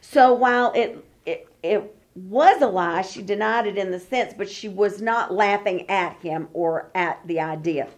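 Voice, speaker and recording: At a measured pace, a woman with a mid-range voice reads Bible passages aloud for a study group and then unpacks them conversationally. She gives the quoted figures lively voices of their own.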